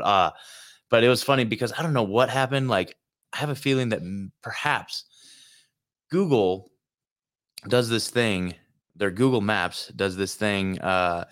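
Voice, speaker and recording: A man's voice: fairly low pitch, a bit bright. A man hosting his own show, telling a road-trip story in a loose, rambling monologue full of filler words and swearing, recorded in a hotel room. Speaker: host.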